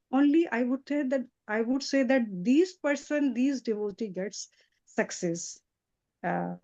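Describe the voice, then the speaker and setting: A woman giving a devotional lecture, retelling a sacred story in an animated storytelling manner. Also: fairly high pitch, muffled recording. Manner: animated storytelling with frequent restarts. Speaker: spiritual lecturer.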